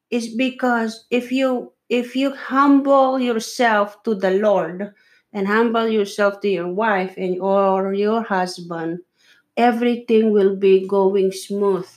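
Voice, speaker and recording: Slow, earnest woman giving marriage advice. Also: fairly high pitch, a little mellow. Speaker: podcast co-host. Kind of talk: casual chat with her husband.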